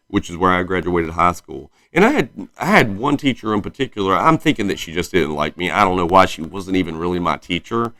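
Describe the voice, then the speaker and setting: A man in his thirties with a low voice and a light Southern twang talks casually on a solo podcast. He rambles and stops to correct himself mid-sentence. His voice sounds close and dry, with no room around it. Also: fairly bright tone, dry recording. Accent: slight Southern US twang. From South Carolina. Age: 30s. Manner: rambling, self-correcting storyteller. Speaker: podcast host.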